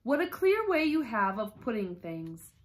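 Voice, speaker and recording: Woman reading as a slow, sing-song storybook duchess, preachy, full of morals. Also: fairly high pitch, sing-song. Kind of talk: storybook read-aloud.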